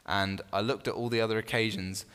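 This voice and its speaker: A man teaching a small Bible study group in a relaxed, conversational way, often restarting phrases and putting questions to his listeners. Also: on the low side, brisk, clear, resonant tone. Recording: long reverb in a room.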